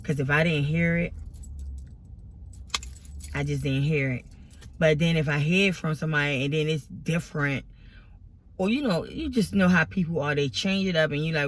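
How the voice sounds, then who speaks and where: A woman's voice: low voice, normal speed, long pauses, fairly bright tone. A grown woman vlogging to her followers, venting about family drama in an exasperated, rambling way, close to tears. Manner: tearful, exasperated, rambling with many restarts. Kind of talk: emotional personal venting to camera.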